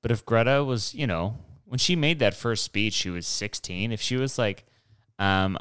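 A man's voice: lowish voice, moderate pace, a bit bright, smooth, no echo, studio quality. A young man rambling through a solo podcast monologue, digressive and profane, with mocking asides. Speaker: podcast host.

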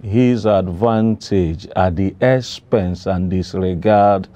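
A Nigerian clergyman reads scripture and explains it at a slow, deliberate pace. His voice is low and mellow, and the sound is dry and close. He sometimes stops to find his words. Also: dry recording, muffled recording. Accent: Nigerian English. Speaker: Anglican clergyman. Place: television studio.

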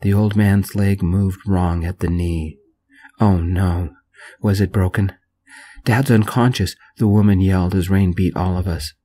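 A man telling a story in a gentle, soft-spoken reading voice. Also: low-pitched, level tone, unhurried.

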